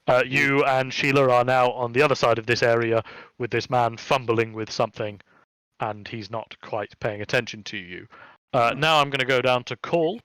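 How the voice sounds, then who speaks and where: A man running a tabletop game as game master, narrating in a relaxed, chatty way with many fillers. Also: mid-range voice, normal speed, dry recording.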